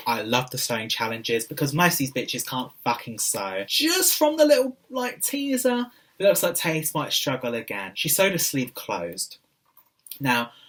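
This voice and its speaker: A man's voice: medium pitch, fairly bright tone, far from the mic. A young British man in drag, recapping a TV show in a camp, cheeky, sassy casual vlog. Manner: camp, cheeky, sassy, addresses people directly. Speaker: drag queen reviewer.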